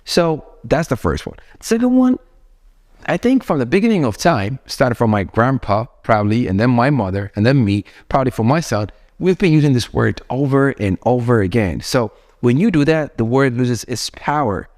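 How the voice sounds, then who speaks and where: A man's voice: mid-range voice, big pitch swings, moderate pace, darkish tone. A young man with an Ethiopian accent, a non-native English speaker, gives a casual, chatty English lesson and often asks his viewers questions. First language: not English. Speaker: English teacher.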